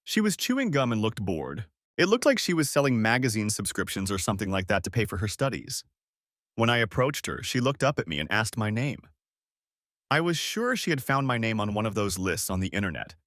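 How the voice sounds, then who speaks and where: Lively male audiobook narrator, dry sound. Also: lowish voice, a little fast, no room sound. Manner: reads a first-person story in an even storytelling tone. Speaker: story narrator.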